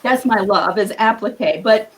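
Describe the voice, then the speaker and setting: A woman giving earnest, encouraging quilting advice as a guest on a live video call, with a husky morning voice. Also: medium pitch, normal speed, poor audio. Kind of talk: live-streamed advice talk.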